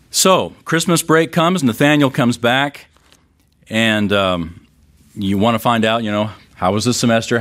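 A man's voice: on the low side, fairly bright tone. A middle-aged man preaching a sermon, telling a story with rising and falling emphasis. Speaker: pastor.

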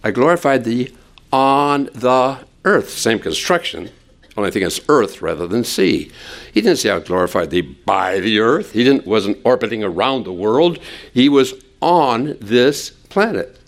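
A man preaching an expository sermon, asking the congregation rhetorical questions and dropping low and soft when he quotes scripture. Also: unhurried, vocal fry. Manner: animated, drops low and soft for quoted words.

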